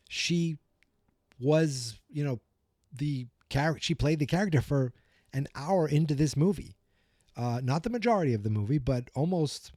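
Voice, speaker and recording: Podcast host, male, Boston accent, rambling and self-correcting, mellow dark tone, dry close sound. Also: mid-range voice, dry recording. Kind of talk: casual movie review chat.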